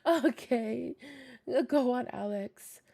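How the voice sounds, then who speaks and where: A woman's voice: a little high, extremely slow, gravelly, warm tone. A young woman streamer with a scratchy, tired voice, chatting casually with viewers, rambling with many fillers and frequent laughs. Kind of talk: casual livestream chat with viewers.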